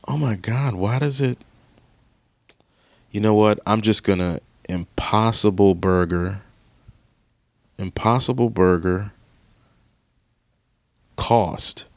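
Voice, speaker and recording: A man's voice: deep voice, slow, long pauses, no echo. A young man hosting a podcast, chatting casually and grumbling with exasperation as he thinks aloud and swears. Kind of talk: casual solo chat while browsing online.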